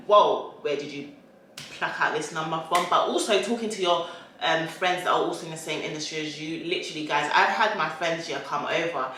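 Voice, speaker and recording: A woman's voice: low voice, a bit bright, slight background noise. Chatty, sassy woman, echoey room. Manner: chatty and sassy, slips into little voices for quotes. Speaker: content creator. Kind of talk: casual chat while eating.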